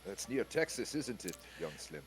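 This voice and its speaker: A man doing a courteous, mannered gentleman. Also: lowish voice, big pitch swings, moderate pace. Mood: genial.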